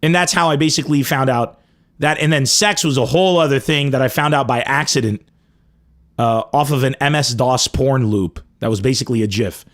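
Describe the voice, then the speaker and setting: A man from Lebanon telling a crude comic story with animated, profane emphasis. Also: medium pitch, fairly quick. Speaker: comedian host. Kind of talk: comedic storytelling.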